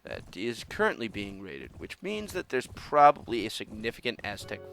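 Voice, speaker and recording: A man's voice: fairly low pitch, huge pitch swings, moderate pace, gravelly, a bit bright, a little hiss or hum. A man hosting a let's play, commenting on his game in a casual, wry way with sighs. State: coughing. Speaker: gaming video host. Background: game music.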